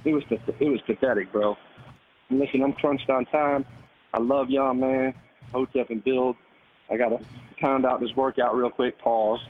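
A man's voice: mid-range voice, steady tone, normal speed. A male caller in casual call-in chat, profane and ending nearly every phrase with "man". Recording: lo-fi call with faint noise.

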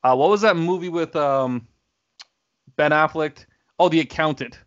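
Guy ribbing his buddies on a podcast, kinda high voice, muffled audio. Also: normal speed. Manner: teasing, needling. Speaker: podcast co-host. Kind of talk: casual chat. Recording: dull lo-fi sound.

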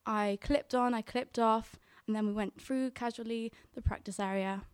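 A woman's voice: fairly high pitch, steady tone, normal speed, smooth, no room sound, clean studio sound. A young woman telling a personal story on stage, chatty and quoting her own thoughts.

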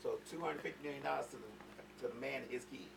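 A man's voice: mid-range voice, quick pace, creaky, recorded from a distance, a crowd in the background. A man co-hosting a podcast, tossing in short reactions and questions in casual chat. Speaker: podcast co-host. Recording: noisy podcast recording with clicks.

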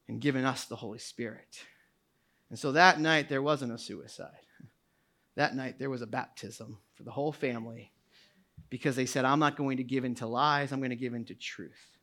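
High, bright-voiced male preacher. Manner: swings from quiet reflection to shouted preaching. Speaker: pastor. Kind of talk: sermon. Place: church sanctuary.

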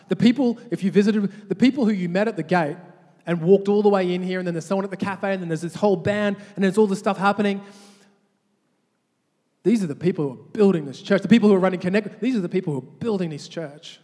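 High-voiced male pastor in a hall. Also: fast. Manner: animated, repeats words when restarting. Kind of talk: sermon with call-and-response. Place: large church hall. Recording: long hall reverb.

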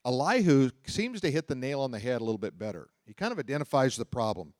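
A man preaches a sermon, reading Bible passages aloud and explaining them conversationally while frequently asking his listeners questions. His medium-pitched, darkish voice is very animated and fast, captured in a dry, clean studio recording.

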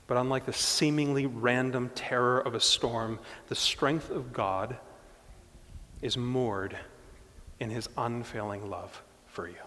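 A man preaching a sermon as a pastor, moving from quiet, reflective passages to loud, emphatic stretches. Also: medium pitch, fairly even intonation, slow, long reverb tail.

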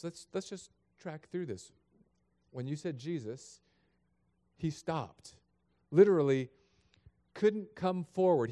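A middle-aged male pastor telling a story in a sermon, shifting between hushed and raised passages. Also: high voice.

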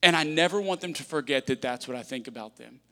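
A man preaching a sermon as pastor, energetic and conversational with humorous asides. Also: fairly high pitch, fast talker. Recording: long reverb of a large hall.

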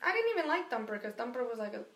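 A woman telling a story in casual chat, animated and profane, acting out the voices of the people in it. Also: a little high, very fast, roomy sound. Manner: animated, profane, acts out quotes.

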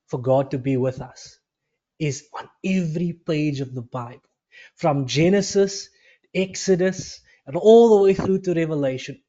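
A man's voice: on the high side, dark tone, lo-fi sound. A man preaching an earnest sermon, retelling scripture as a story and repeating phrases for emphasis. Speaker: pastor.

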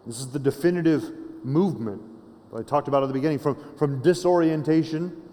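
A man's voice: a little high, fast talker, warm tone. Conversational preacher man, hall reverb. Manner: conversational preaching with frequent restarts and tag questions. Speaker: pastor. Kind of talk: sermon. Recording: long reverb of a large hall.

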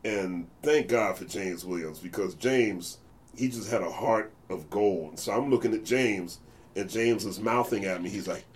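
Unhurried and fairly low in pitch, an American man guesting as a jazz bassist in a casual interview tells animated anecdotes. He mimics other people's voices throughout.

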